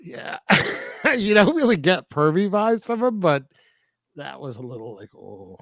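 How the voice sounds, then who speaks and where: A man talking casually on a film review podcast, his voice a touch higher than most men's. He laughs often and keeps the chat joking and loose. The sound is dry and close, with no room around him. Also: very animated, unhurried, fairly bright tone, no room sound. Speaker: podcast co-host.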